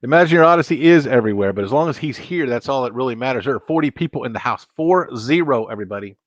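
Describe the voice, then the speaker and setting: A man's voice: medium pitch, expressive, quick pace, dry recording, highs cut off. A man hosting a casual live stream, talking and joking straight to his viewers. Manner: chatty, joking, talks to viewers directly.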